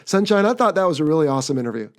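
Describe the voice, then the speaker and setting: A man with an American accent hosting a podcast in a relaxed, chatty, upbeat way. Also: on the high side, very fast. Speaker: podcast host. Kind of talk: casual podcast chat.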